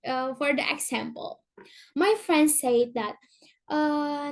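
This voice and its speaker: A woman's voice: sits high, steady tone. A young woman from Indonesia with a Sundanese accent, giving an informal presentation and searching for words as she speaks. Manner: halting, searching for words in English.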